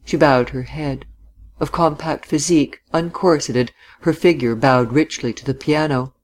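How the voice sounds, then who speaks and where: A man reading a literary novel aloud in measured, scripted narration. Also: a little high, steady tone. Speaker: audiobook reader.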